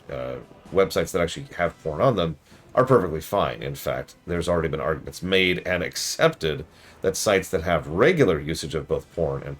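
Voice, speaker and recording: Low-voiced man ranting on a stream. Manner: sarcastic, ranting. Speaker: streamer reviewing a game. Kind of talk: casual live-stream commentary.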